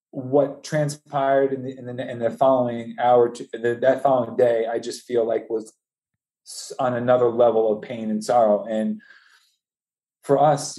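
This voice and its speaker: A man telling the story of losing his newborn twins, speaking haltingly with many restarts, his voice climbing high and strained with grief. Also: dark tone, reverberant. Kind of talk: emotional personal testimony.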